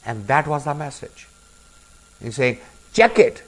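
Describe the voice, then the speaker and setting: A middle-aged man gives a live spiritual discourse to a group as a spiritual teacher. His voice is medium in pitch and measured, with frequent pauses, and he poses rhetorical questions and acts out little dialogues.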